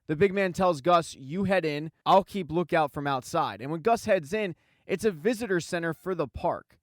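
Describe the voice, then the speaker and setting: A man narrating a scripted recap of a show, telling the story briskly and reading quoted lines plainly. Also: a little high, no echo, clean studio sound. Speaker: recap channel host.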